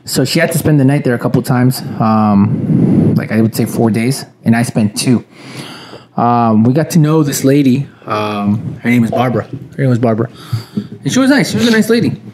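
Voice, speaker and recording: A man's voice: mid-range voice, moderate pace, darkish tone, slight background noise. A man casually telling a story to friends, rambling with many fillers. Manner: rambling, filler-heavy, swearing.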